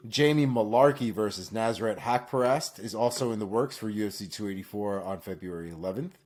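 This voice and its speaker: A man's voice: fairly low pitch, fairly quick, a little mellow. A man co-hosting a podcast, running through fight news casually with frequent fillers. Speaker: podcast co-host.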